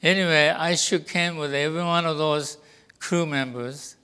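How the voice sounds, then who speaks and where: Older man, English speaker, storytelling to an audience, smooth resonant voice, fairly high pitch. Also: fairly even intonation, sharp tone. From Japan. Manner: deliberate, acts out quoted dialogue. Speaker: guest speaker.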